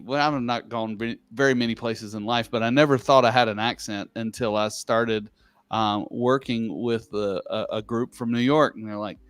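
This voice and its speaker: A man's voice: mid-range voice, fairly even intonation, smooth, no room sound. Rambling Southern man hosting live. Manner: rambling, self-deprecating, halting restarts. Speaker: co-host. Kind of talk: casual live show chat.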